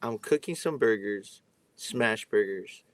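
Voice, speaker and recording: Lively man with an emphatic delivery. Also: lowish voice, takes it slowly. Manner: emphatic, with rhetorical questions. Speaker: podcast co-host. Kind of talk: casual podcast storytelling.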